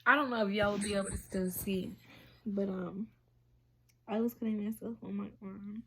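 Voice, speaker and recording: A woman talking in a halting, emotional way on a personal confessional vlog, often dropping to a whisper. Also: medium pitch, fairly even intonation, fairly bright tone, slightly rough. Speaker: vlogger.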